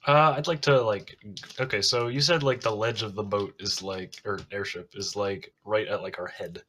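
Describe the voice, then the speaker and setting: A man's voice: on the low side, fairly even intonation, normal speed, a bit bright, slight background noise. A man playing a tabletop game, talking hesitantly with many "like"s. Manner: hesitant, full of "like". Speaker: player. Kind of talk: casual tabletop game chat.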